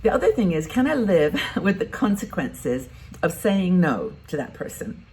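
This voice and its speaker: A woman's voice: on the low side, big pitch swings, moderate pace, a little mellow. A woman in her sixties, talking frankly and conversationally as she gives advice in a casual vlog. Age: 60s. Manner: conversational and frank, thinking aloud. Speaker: vlogger giving advice to retired women.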